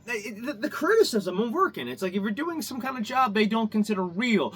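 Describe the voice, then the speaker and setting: Husky high-voiced man on an angry rant. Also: big pitch swings, brisk, few pauses, bright, forceful tone. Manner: profane, heated, repetitive, stumbling restarts. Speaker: vlogger.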